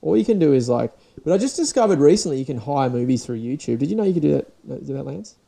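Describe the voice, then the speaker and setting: A young Australian man talks alone into his podcast mic in a loose, rambling rant full of swearing and restarts. His voice is gravelly and dark, and it sounds sore and dried out today. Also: a little high, big pitch swings, quick pace. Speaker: podcast host. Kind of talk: casual solo rant.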